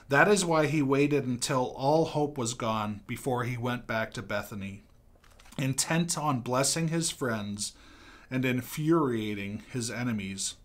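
A man's voice: mid-range voice, a bit bright. A man speaking as a pastor in a devotional talk, earnest, reading from a book and repeating key lines for emphasis.

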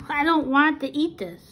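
A woman chats casually to her camera with a high, light voice. She jokes and sounds squeamish and reluctant. A faint noise hums behind her. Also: fairly bright tone, rough recording. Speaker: vlogger. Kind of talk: casual food challenge vlog.

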